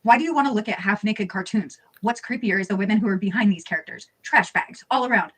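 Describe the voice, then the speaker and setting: A woman narrating commentary from a played clip, reading out social media posts. She is blunt and sarcastic, with plenty of swearing, at a mid-range pitch. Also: fast talker, a bit bright, slightly rough. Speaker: video narrator.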